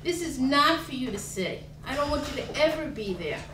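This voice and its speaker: Casting: a woman doing a frightened older mother who pleads and shouts in alarm, high-ish voice, heard from across a roomy, noisy space. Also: sing-song, moderate pace. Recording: roomy, distant, noisy room.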